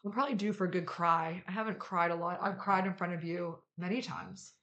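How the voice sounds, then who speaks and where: A woman's voice: on the low side, fairly even intonation, a little fast, a bit bright, dull audio. Chatty laughing woman podcast co-host. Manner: chatty and laughing, many fillers. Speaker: podcast co-host, bariatric surgeon. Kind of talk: casual podcast chat.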